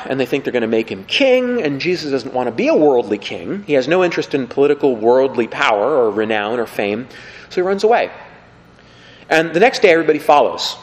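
A man preaching a lively, conversational sermon, acting out the people he quotes. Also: a little high, slight background noise. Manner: animated, conversational, acts out quotes. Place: church. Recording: long hall reverb.

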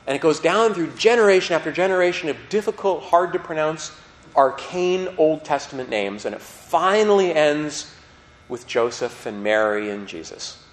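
A man's voice: a little high, normal speed, rough recording. A man teaching a class in a conversational way, often checking in with his students. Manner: animated, conversational, asks students questions. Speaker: religion teacher. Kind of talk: classroom lecture.

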